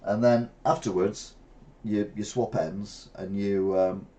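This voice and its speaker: A man's voice: lowish voice, fairly even intonation, slow pace, dark tone. An older man, chatting through news stories in a rambling way with wry asides. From England. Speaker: channel host. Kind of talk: casual news commentary.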